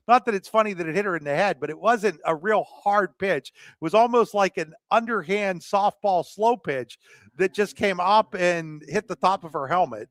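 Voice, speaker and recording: A man doing live softball play-by-play commentary, chatty between pitches and rising in excitement on the plays. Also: moderate pace, no room sound, studio quality.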